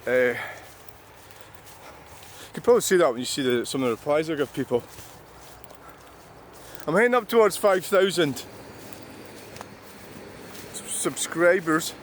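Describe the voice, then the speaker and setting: A man's voice: on the high side, measured pace, long pauses, a little hiss or hum. A Scottish man in his sixties, a vlogger, rambling through a reflective monologue with wry, self-mocking asides. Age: 60s.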